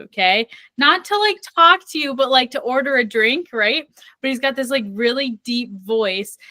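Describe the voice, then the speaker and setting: A woman's voice: a little high, sharp tone, dry recording. A young woman co-hosting a book podcast in casual chat, playful and chatty, spinning imagined scenarios with lots of "like" fillers. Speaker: podcast co-host. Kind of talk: casual chat about books.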